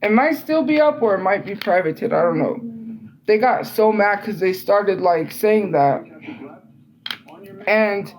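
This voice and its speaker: A woman's voice: mid-range voice, expressive, a little slow, long pauses, a little mellow, poor audio. Young woman, livestream host, casual storytelling, rambling, filler words, exasperated. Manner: rambling, filler-heavy, with frequent "like" and restarts; exasperated and incredulous.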